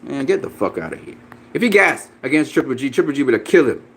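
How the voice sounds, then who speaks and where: A man's voice: medium pitch, very animated, fast talker, slightly rough. A man ranting about boxing in a reaction video, profane, combative and dismissive, repeating himself and laughing mockingly. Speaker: boxing commentator.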